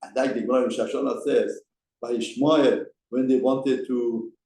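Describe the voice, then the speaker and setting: A man's voice: medium pitch, steady tone, normal speed, warm tone, echoey room, low-quality recording. A man giving a mussar lesson as a rabbi, speaking emphatically and asking rhetorical questions. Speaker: rabbi teaching a Torah class. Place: study hall.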